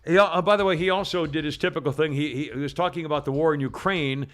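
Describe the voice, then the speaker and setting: A man's voice: a little high, quick pace. A man hosting a talk radio show, rambling and sarcastic, often mocking people in put-on quotes. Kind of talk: casual talk radio chat.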